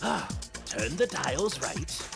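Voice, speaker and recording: A man's voice: a little high, very animated, slow, creaky, music in the background, pitched above the performer's own voice, exaggerated voice. A man voicing a bumbling male mad scientist who blusters through technobabble. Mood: blustering.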